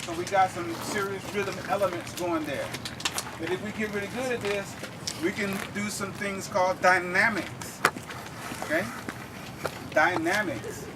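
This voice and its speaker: A man's voice: sits high, steady tone, unhurried. A man teaching drum rhythms to a group in a lecture-demonstration, explaining step by step and often checking in with "okay?". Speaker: drum instructor. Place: outdoor campus event. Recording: distant mic, clear outdoor noise.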